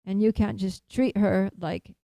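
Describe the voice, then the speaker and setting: A woman's voice: mid-range voice, fairly even intonation, unhurried, gravelly, mellow, dry recording. A woman reading a stern, protective young woman friend. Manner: scolding, firm.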